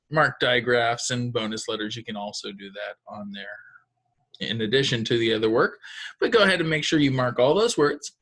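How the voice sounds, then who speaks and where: A man's voice: medium pitch, sharp tone. A man teaching a phonics lesson to second graders, giving patient, step-by-step instructions.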